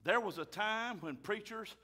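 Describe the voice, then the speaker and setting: A man, a pastor preaching a fiery sermon loudly and emphatically. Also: sits high, animated, normal speed. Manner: loud, emphatic, raises his voice.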